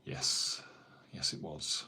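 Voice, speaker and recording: A man's voice: slow pace, pushed and bright. A man with an English accent, rambling in casual livestream chat as a carpenter answering viewer comments. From England. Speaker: carpenter streaming live.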